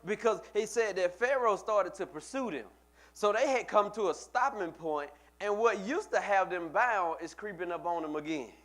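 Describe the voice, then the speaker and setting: Male pastor with a slightly high voice, loose conversational sermon, lots of repeats and asides to the church. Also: animated, moderate pace, fairly bright tone. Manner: conversational preaching, repeats words, talks to the congregation.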